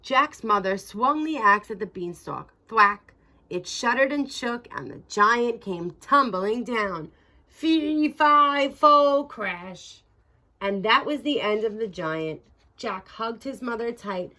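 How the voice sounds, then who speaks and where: A woman reading a children's picture book aloud, expressive and dramatic. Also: mid-range voice, a little slow. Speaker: storyteller. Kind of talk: children's read-aloud narration.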